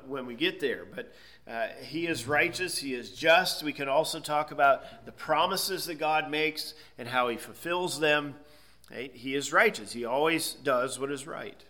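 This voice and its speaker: A man's voice: medium pitch, sharp tone. A man giving a methodical Bible lesson, explaining word meanings step by step and checking in with "okay?". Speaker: Bible teacher. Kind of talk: expository Bible lecture.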